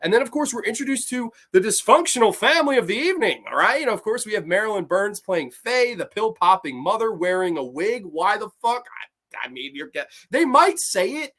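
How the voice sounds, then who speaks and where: A horror movie show host giving a casual, profane review, rambling with restarts and swinging between low mutters and high excited outbursts. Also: fairly quick. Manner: rambling, with frequent restarts and "like" asides.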